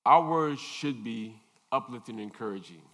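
A man preaching a sermon, unhurried, pausing often and asking his listeners questions. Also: mid-range voice, lively intonation, fairly bright tone. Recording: long reverb in a large hall.

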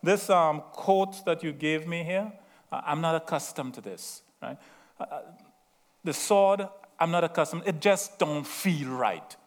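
A bold, defiant young shepherd hero, as a male preacher acts him out in a sermon. He talks in a somewhat high voice and hammers his point with emphatic repetition. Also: lively intonation, measured pace. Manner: emphatic, repeating lines for effect.

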